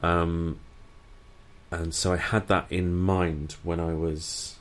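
A young man from Brighton, a musician guest, speaking in a dry, understated and measured way. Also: low voice, level tone. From Brighton, England. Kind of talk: casual interview chat.

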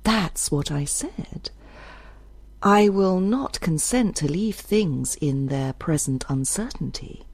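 A woman's voice: low voice, lively intonation, slow, darkish tone, breathy edge, no room sound, exaggerated voice. A woman voicing a frail but insistent older widow who speaks formally in an audiobook.

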